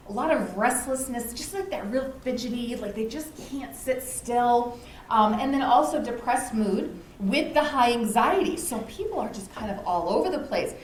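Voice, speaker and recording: A woman giving an informal educational talk at a community lunch, conversational, often checking in with "right?" and acting out anecdotes. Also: on the high side. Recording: echoey room with faint noise.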